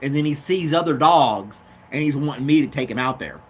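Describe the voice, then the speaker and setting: A man's voice: medium pitch, a little fast, slightly rough. A man hosting his own show, chatting casually and off the cuff, rambling between topics and talking to his dog. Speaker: podcast host. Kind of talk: casual chat.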